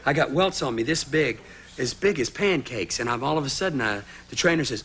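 A male guest on a studio talk show, spinning a story with a lively voice that jumps all over the place and sits a little high for a man. He slips into voices as he acts out the scenes, and a steady hiss from an old TV broadcast runs under him. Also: normal speed. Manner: rambling, jokey, acts out voices in his stories. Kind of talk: animated anecdote telling.

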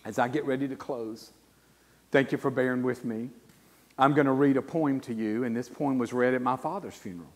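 A man's voice: medium pitch, fairly quick. Man preaching in an echoing church. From South Carolina. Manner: emotional personal storytelling, swinging from hushed to loud. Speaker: guest preacher. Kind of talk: sermon. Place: church sanctuary. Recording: long church reverb.

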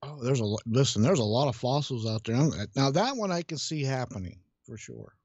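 A man's voice: mid-range voice, expressive, brisk, a little mellow, breathy edge, no echo, highs cut off. A man co-hosting a casual radio show, chiming in with wisecracks and easy laughs. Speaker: radio co-host.

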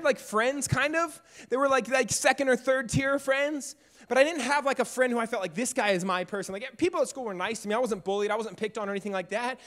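Brief: energetic male keynote speaker, 30s, quick high voice, story-driven and jokey at his own expense. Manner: energetic, animated, self-mocking humor. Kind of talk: motivational storytelling speech. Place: stage at a youth event.

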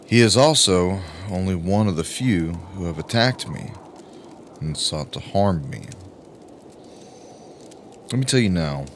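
A man narrating an audiobook in a grave, emphatic way with dramatic pauses. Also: low-pitched, slight background noise. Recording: music playing under the voice.

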